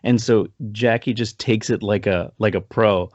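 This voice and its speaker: A man's voice: lowish voice, unhurried, darkish tone, dry recording. A man co-hosting a film podcast, telling stories in a loose, rambling way and laughing often. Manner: rambling storyteller, laughs often, acts out quotes. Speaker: podcast co-host. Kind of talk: casual film review chat. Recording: dry, dull lo-fi sound.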